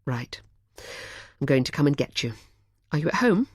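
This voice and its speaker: A woman's voice: mid-range voice, big pitch swings, normal speed, breathy edge, no echo, clean studio sound, voice pushed up. A woman voicing an anxious, caring young woman in an audiobook, with urgent, rising questions in a raised voice. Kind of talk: audiobook character voice.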